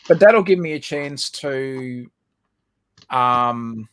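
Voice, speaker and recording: A man's voice: medium pitch, animated, very slow, fairly bright tone, clear, resonant tone. An Australian man co-hosting a livestream, rambling and giggling, with lots of ums and restarts. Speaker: livestream co-host. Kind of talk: casual chat.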